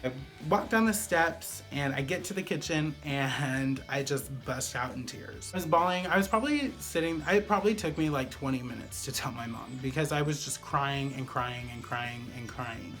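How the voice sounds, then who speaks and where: A man's voice: medium pitch, normal speed, a bit bright, faint music behind. A man vlogger telling a personal story in a casual, chatty way, full of fillers like "like" and "pretty much".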